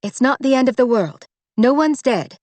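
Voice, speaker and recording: A woman voicing a determined young princess who speaks brightly and decisively. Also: fairly high pitch, lively intonation, moderate pace, dry recording, pitched above the performer's own voice, natural voice. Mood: resolute.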